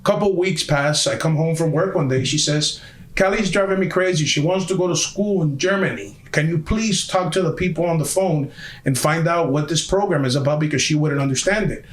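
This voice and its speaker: On a podcast, a male guest with a fairly high voice tells a story fairly quickly, heated and emphatic, swearing often. It's casual storytelling, and the room sounds spacious.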